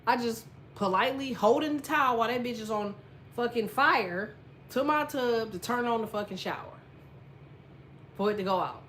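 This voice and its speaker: A woman's voice: a little high, moderate pace, a little hiss or hum. A woman telling a personal story in a casual monologue, blunt and swearing constantly. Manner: lively storyteller, quietens when telling sad parts. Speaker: astrology content creator.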